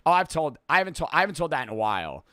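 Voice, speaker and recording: A man in his twenties rambling through profane, lively stories and reactions as a streamer. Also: on the high side, racing, no echo, clean studio sound. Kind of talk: casual reaction commentary.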